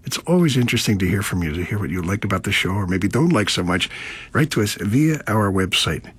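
A man hosting a classical music radio show, presenting pieces and performers in a measured, explanatory way. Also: lowish voice, animated, slightly rough, no echo.

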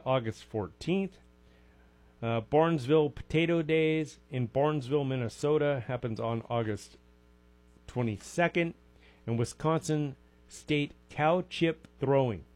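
A man's voice: mid-range voice, darkish tone. A man hosting a call-in swap show on local radio, chatting casually with folksy jokes and asides. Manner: rambling, folksy, jokey asides.

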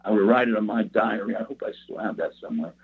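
A man's voice: lowish voice, fast talker, husky. A man preaching a personal testimony in an earnest, rambling storytelling way. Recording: tinny phone-like sound.

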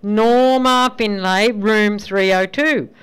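A woman's voice: mid-range voice, a little slow, a bit bright, clean tone. A timid frail grandmother, as a woman reads her.

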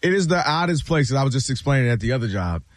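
A man's voice: medium pitch, big pitch swings, racing, dry recording. A man hosting a casual sports talk show, talking expressively and mimicking people as he tells stories.

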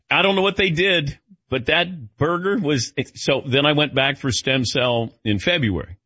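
A middle-aged man hosting a sports talk radio show, telling a self-mocking story in an animated way. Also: on the high side, slow pace, long pauses, dry recording, highs cut off.

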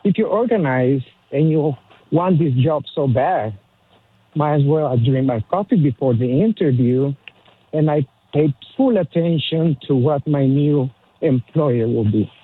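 Guy caller on a tinny phone line, kinda husky, higher voice, earnest and halting. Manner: earnest, halting, slightly ungrammatical phrasing. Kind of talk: call-in phone chat.

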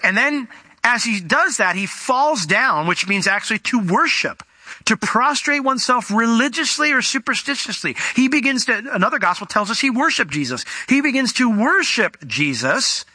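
A male preacher giving an animated expository sermon, explaining what words mean and asking rhetorical questions. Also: very high-pitched, moderate pace, dry recording.

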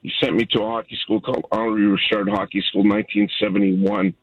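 A husky, gravelly man in his sixties from Canada calls in to a radio talk show, telling a heartfelt story in a rambling, emotional way. His voice comes through a dull, lo-fi phone line with a dry, close sound. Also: lowish voice, very animated, quick pace, dry recording. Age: 60s. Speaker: caller.

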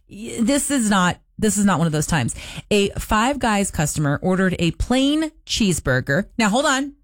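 A woman radio host telling a story in a casual, animated, incredulous way. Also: mid-range voice, normal speed, dry recording, clean studio sound. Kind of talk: casual radio talk segment.

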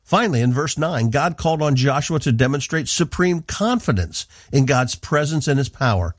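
A man from the northeastern United States hosts a radio program of devotional Bible teaching, earnest and measured. His mid-range voice is expressive, and the studio-quality recording has no room sound.

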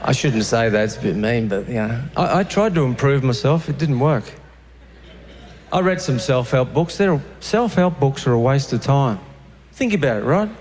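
A man with an Australian accent performing a stand-up comedy routine, telling deadpan stories and acting out the voices of other people. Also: mid-range voice, moderate pace, a little hiss or hum. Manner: deadpan storytelling with acted-out voices.

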